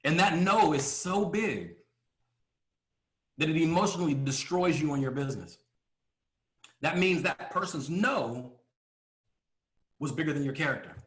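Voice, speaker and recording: A man giving a motivational business coaching talk, emphatic, asking rhetorical questions and often clearing his throat. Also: a little high, fairly bright tone, reverberant.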